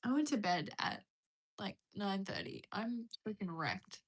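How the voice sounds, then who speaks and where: A young Australian woman hosts a casual livestream, reading out viewer comments while chatting in a rambling, self-mocking way. Her voice is medium-pitched and husky, expressive and a little slow.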